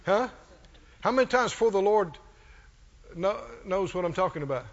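A man's voice: sits high, animated, moderate pace. A man preaching a sermon with emphatic delivery, reading scripture and acting out quoted voices. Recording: muffled hall recording.

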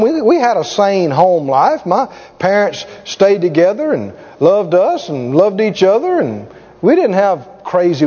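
A middle-aged man preaching a sermon with stories, folksy and animated, often chuckling. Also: high voice. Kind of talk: sermon with storytelling. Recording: echoey hall, dull lo-fi sound.

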